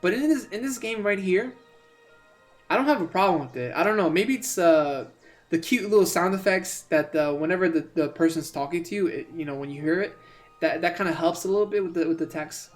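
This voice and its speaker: A man streaming a video game, talking casually and rambling, repeating words and breaking into excitable outbursts. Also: sits high, a little fast, soft background music. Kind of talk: casual let's-play commentary.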